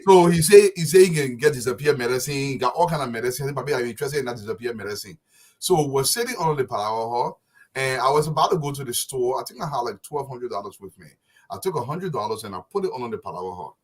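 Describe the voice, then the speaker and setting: Man host, husky, lively pitch, quick animated storytelling. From Liberia. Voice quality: animated storyteller, laughs often. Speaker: talk show host. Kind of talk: live talk show chat.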